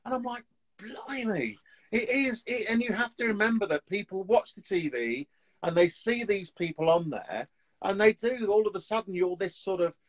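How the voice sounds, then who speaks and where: Chatty high-voiced man. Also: rough recording. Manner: chatty storyteller, animated, quick laughs. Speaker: TV antiques dealer, guest. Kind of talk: casual chat on a live video call. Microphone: phone on a live video call.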